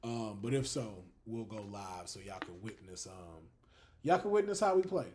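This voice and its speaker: Against a noisy background, a male livestream host with a lowish voice chats energetically with his viewers. He laughs a lot, curses freely, and drifts off into long, drawn-out fillers.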